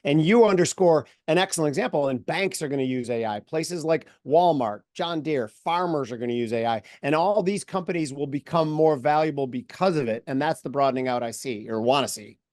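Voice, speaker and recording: A man with a somewhat high voice speaks emphatically and with upbeat energy as a markets guest. His voice sounds dry and close, with no room echo. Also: a little mellow. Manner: emphatic and upbeat, quick to agree. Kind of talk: casual chat.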